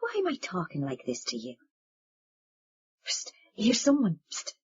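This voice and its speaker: A woman's voice: lowish voice, huge pitch swings, a little slow, husky, dull audio, heavily acted. Woman voicing rambling old Irish father. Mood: hushed. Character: older Irish father, warm, rambling, self-mocking man.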